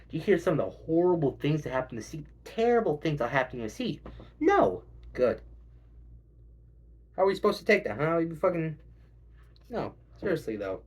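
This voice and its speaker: A man doing a stand-up set, rambling and swearing and acting out quick voices. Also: fairly high pitch, breathy edge. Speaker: stand-up comedian.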